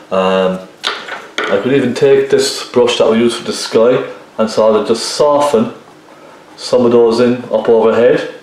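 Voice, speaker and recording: A man giving a relaxed painting tutorial, talking viewers through each step and often checking in with them as he works. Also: fairly low pitch, slight background noise. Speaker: painting teacher. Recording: very echoey room.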